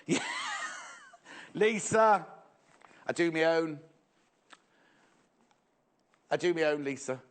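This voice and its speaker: A man's voice: a little high, fairly even intonation, quick pace. A man presenting a live shopping show in a playful, jokey, chatty way, reading out viewer messages.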